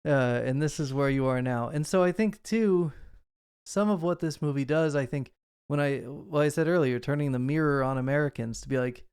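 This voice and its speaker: A man co-hosting a film podcast, talking in an animated, rambling way with lots of fillers. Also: a little high, normal speed, clean tone, dry recording, studio quality. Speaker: podcast co-host. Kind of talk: casual film discussion.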